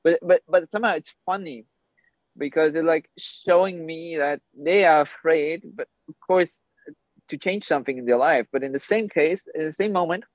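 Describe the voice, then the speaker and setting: A man's voice: on the high side, moderate pace, no room sound, dull audio. A man whose first language is German, a podcast guest, who talks emphatically and bluntly and swears often. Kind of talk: candid podcast conversation.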